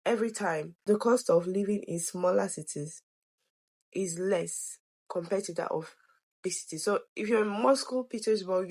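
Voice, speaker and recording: A slightly hoarse woman, an education consultant, talking the viewer through figures in a conversational explainer video. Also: lowish voice, darkish tone.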